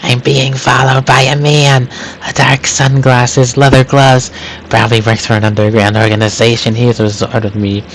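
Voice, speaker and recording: A man voicing a frazzled, paranoid woman in an amateur reading of a cartoon fan script, her lines pitched high and overdramatic. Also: level tone, normal speed, slight background noise, natural voice. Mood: whispering. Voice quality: high, shrill, yelling. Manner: panicky, overdramatic. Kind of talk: amateur script read-aloud.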